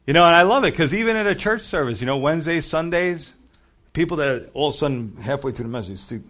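A male pastor preaching a casual, conversational sermon, acting out quotes and cracking jokes with laughter. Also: fast. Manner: animated, acts out quotes with shifting pitch and volume; conversational, jokey asides with laughter.

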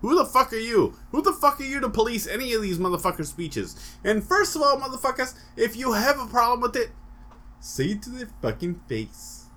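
A man co-hosting a comedy podcast, loud and profane, slipping into mock rants and silly voices. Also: extremely high pitch, sing-song, fairly quick. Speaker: podcast co-host. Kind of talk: crude comedic podcast banter.

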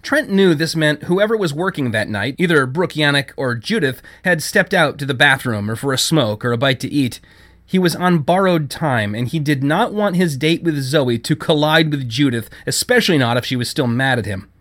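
A man narrating a story as an audiobook, with expressive storytelling. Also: fairly high pitch, moderate pace.

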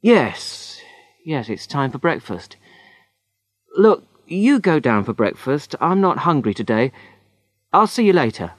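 A man's voice: on the high side, very animated, measured pace, long pauses, no room sound, clean studio sound. A man playing an earnest, uneasy husband. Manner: earnest, insistent. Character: uneasy young husband, questioning. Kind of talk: storybook reading.

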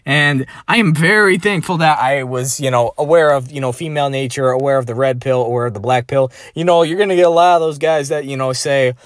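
A man's voice: medium pitch, a little fast, hardly any pauses, no echo, clean studio sound. A man vlogging in a rambling, crude and profane way, padding his talk with filler phrases. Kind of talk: rambling personal monologue.

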